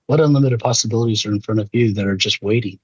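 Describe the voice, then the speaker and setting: A middle-aged man with a husky, low voice speaks with earnest, preacher-like conviction, telling stories in an inspirational talk. The recording is dull and lo-fi with a dry, close sound. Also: rapid-fire, dry recording. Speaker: leadership speaker. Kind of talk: inspirational keynote storytelling.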